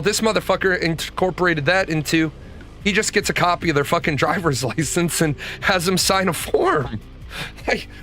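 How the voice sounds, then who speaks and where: A man's voice: high voice, sharp tone. A middle-aged man telling blunt, profane stories in a casual monologue as host.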